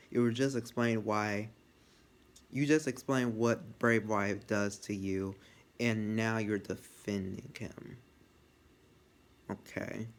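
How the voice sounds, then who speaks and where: Excitable rambling man reviewing wrestling. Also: lowish voice. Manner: excitable, rambling, swears freely, restarts often. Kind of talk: casual spoken review.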